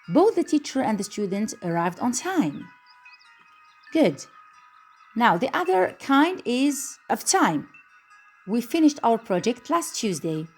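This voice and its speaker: A woman teaches grammar in a slow, deliberate way, reading each example sentence before she explains it. Her voice sits a little high and moves a lot in pitch. Soft music plays faintly underneath. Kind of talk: grammar lesson.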